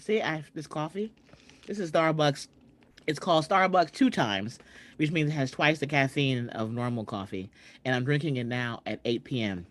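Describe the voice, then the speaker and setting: A woman's voice: deep voice, normal speed, a bit bright, no echo. A woman comedian hosting a live stream, chatting straight to viewers and greeting guests over a video call. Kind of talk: casual live-stream chat. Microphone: webcam video call.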